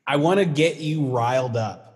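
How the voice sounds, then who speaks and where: A middle-aged man hosting a casual chat, relaxed and teasing, who laughs often. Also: a little high, long reverb tail.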